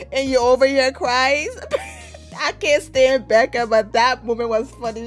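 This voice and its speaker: High-pitched lady doing a live tv reaction, slow talker, laughing and slangy. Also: soft background music. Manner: animated, slangy, laughs often. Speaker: TV show reviewer.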